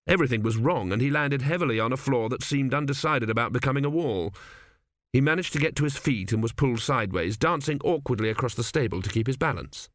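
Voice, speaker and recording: A man narrating a comic fantasy audiobook in a measured, wry reading. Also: medium pitch, a bit bright, no room sound, studio quality.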